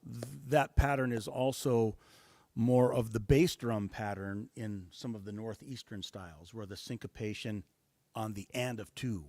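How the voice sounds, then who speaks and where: A man from the United States, a guest musician talking in a relaxed interview, thoughtful and pausing often with fillers. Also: lowish voice, no echo. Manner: thoughtful, many hesitations and fillers. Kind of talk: casual interview talk.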